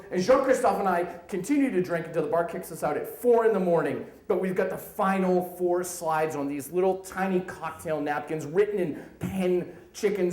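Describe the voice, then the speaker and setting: A man in his thirties telling a comic work story live on stage, animated, acting out the people in it. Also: a little high, reverberant, rough recording. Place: stage in a venue.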